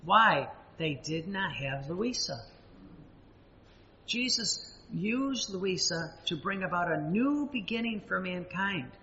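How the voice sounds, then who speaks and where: High, bright-voiced male preacher in a hall. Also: expressive, lo-fi sound. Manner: emphatic, repetitive preaching with dramatic pauses and sudden rises. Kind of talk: sermon.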